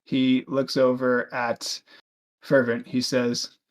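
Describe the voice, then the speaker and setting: A man's voice: mid-range voice, completely flat delivery, slow pace. A man running a tabletop game as game master, narrating loosely with many fillers.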